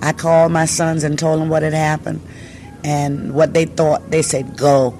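A woman's voice: low voice, a little slow, a little hiss or hum. An older woman, a singer, telling her story in a casual interview and acting out the voices of the people she quotes. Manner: animated storyteller who acts out quoted voices.

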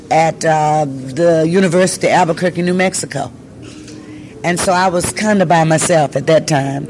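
A woman's voice: sits low, slight background noise. An older woman, a singer, telling her story in a casual interview and acting out the voices of the people she quotes. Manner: animated storyteller who acts out quoted voices.

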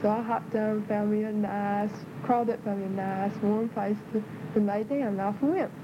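A woman with a Southern US accent voicing a rambling male flea telling of a rough trip. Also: medium pitch, fairly even intonation, normal speed, natural voice. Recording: muffled, loud vehicle noise.

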